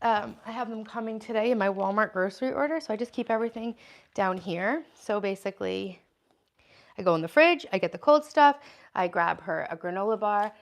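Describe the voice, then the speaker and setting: A woman's voice: mid-range voice, fairly quick. Chatty woman hosting a livestream. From United States. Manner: chatty, reads viewer comments aloud and answers them. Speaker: livestream host. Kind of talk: casual livestream chat.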